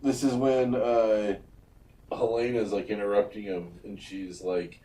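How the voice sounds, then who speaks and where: A man's voice: fairly low pitch, little pitch movement, unhurried, mellow, roomy sound, recorded from a distance, poor audio. A man co-hosting a podcast, casually retelling scenes from a TV episode with loose fillers and some swearing. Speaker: podcast co-host. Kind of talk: casual chat recapping a TV episode.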